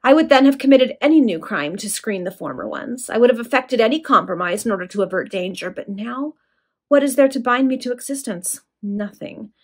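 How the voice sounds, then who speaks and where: A woman's voice: on the high side, expressive, fairly quick. A woman reading aloud, voicing a proud and indignant noblewoman in her own voice. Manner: impatient and indignant.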